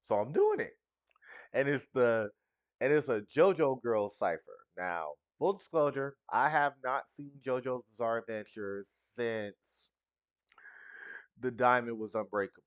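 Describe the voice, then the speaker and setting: A young man hosting a reaction video in a casual, profane, laughing way. He talks slowly with a lively, rising and falling pitch. The recording is dry and close. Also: dry recording.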